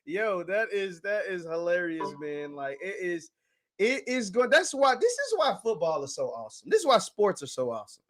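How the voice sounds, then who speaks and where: High-voiced man hosting a sports call-in. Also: normal speed. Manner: animated, laughs along with callers. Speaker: host. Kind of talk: casual sports call-in chat.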